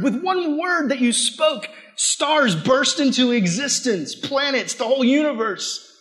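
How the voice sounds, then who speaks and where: A young man preaching a sermon to a youth group, swinging between loud emphatic bursts and quiet asides. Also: high voice. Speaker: youth pastor.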